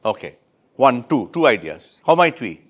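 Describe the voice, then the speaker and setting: A man's voice: mid-range voice, very animated. Man teaching a workshop, repeating answers. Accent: Indian English. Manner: repeats and rephrases students' answers, brisk encouraging praise. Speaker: workshop instructor. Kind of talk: interactive classroom teaching. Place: classroom.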